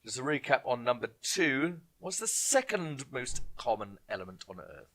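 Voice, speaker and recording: A man's voice: mid-range voice, very animated, normal speed, a bit bright. A man hosting an online pub quiz, reading each question twice and dropping jokey asides to viewers. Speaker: quiz host.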